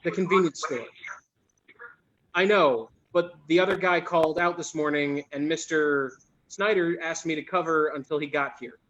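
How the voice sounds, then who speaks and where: A man's voice: fairly high pitch, steady tone, fairly bright tone, muffled recording, close to an everyday voice. A man reading as a put-upon young store clerk. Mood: flustered. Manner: exasperated, cursing, quick to apologize. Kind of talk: live script reading.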